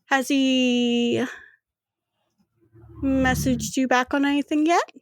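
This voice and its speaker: A woman voicing a calm, stern young woman who questions people quietly and teasingly in a tabletop role-play. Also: high voice, takes it slowly, dry recording, studio quality, voice pushed up. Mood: calm probing. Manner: soft-spoken, probing, lightly teasing.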